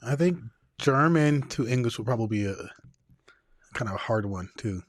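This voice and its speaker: A man's voice: medium pitch, expressive, normal speed. A man from Northern California co-hosting a podcast in casual chat, giving blunt, joking opinions. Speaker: podcast co-host.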